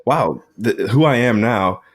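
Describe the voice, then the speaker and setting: A man hosting a podcast interview, asking questions in a relaxed, conversational way. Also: medium pitch, a little slow. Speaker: podcast host. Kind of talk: casual interview talk.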